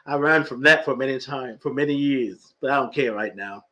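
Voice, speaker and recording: A man's voice: mid-range voice, moderate pace, sharp tone. A middle-aged man hosting a spiritual talk show, preaching with emphatic repetition and plenty of emotion. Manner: preacher-like, emphatic, repeats phrases for effect; laughs often, emotional and full of feeling. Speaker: podcast host and life coach. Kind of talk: live-streamed spiritual talk reading viewer comments.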